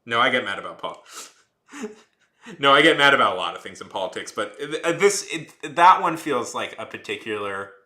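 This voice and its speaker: A man in his thirties chats casually on a stream while drawing, his mid-range voice bright, forceful and animated at a moderate pace. He rambles with heavy use of "like" and other fillers, restarts and trails off, and turns heated and ranting. The room sounds echoey.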